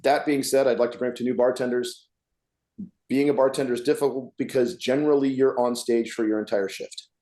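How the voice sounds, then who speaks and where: Bartender dude on a podcast, mellow tone, roomy echo, acts out customers. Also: male voice, mid-range voice, steady tone, fairly quick. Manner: blunt storyteller acting out customers. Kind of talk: casual podcast chat. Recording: echoey room.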